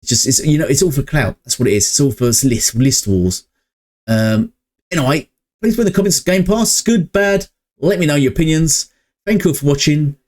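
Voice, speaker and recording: A man's voice: a little high, normal speed, darkish tone. A man running a casual gaming opinion vlog, rambling and hesitant with lots of fillers, recorded on a budget mic at home. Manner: rambling and hesitant, many fillers, chuckles between points. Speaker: gaming channel vlogger.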